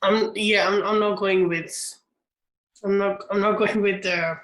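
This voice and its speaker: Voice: mid-range voice, fairly even intonation, measured pace, a bit bright, reverberant. A film podcast co-host who talks hesitantly, often stopping and restarting sentences, and answers in short clipped replies. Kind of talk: casual film chat.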